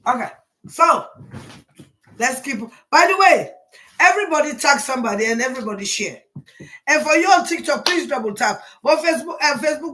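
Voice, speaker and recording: A woman's voice: sits high, lively intonation, moderate pace. Rambling woman live-streaming. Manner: rambling, greets viewers one by one, rising to loud bursts. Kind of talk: casual live-stream chat.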